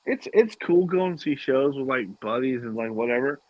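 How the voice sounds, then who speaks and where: Speaking at a normal speed in an expressive, mid-range voice, a middle-aged podcast co-host recounts a family story during a casual chat, swearing a lot and stammering through restarts. The sound is lo-fi, with no echo.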